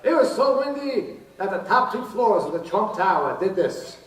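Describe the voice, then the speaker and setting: A man's voice: high-pitched, big pitch swings, normal speed. A man impersonating a famous crooner on a casino stage, telling jokes between songs in a lazy, easygoing crooner patter. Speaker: tribute performer doing a famous crooner. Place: casino showroom stage with live audience. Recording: roomy live showroom, distant, audience and noise.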